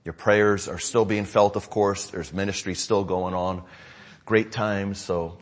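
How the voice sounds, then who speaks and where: A man's voice: low-pitched, fairly even intonation, unhurried. A middle-aged American man preaching to his congregation, telling stories in a loose, conversational way with frequent asides. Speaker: pastor. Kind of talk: sermon update to a congregation.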